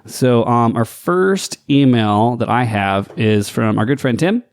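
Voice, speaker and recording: A man's voice: medium pitch, expressive, slow pace, no room sound, studio quality. A man co-hosting a casual podcast, laughing often and reading listener emails aloud. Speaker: podcast co-host.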